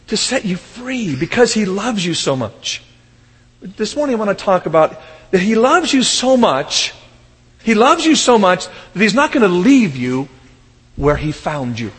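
A high, lively male preacher delivers his sermon with an animated storytelling manner, voicing characters as he goes. His voice rings out through a reverberant church hall with a long tail. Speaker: pastor. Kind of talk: sermon with humorous stories.

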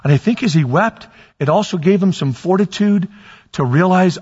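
A pastor preaching a sermon, rising to shouts on key points and putting questions to his congregation. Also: sits high, moderate pace, slightly rough. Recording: lo-fi, long reverb in a church hall.

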